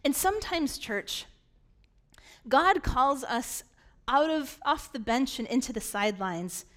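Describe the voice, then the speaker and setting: A woman pastor giving a sermon, animated and acting out voices of scripture figures. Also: high voice, takes it slowly. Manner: animated preaching that acts out dialogue.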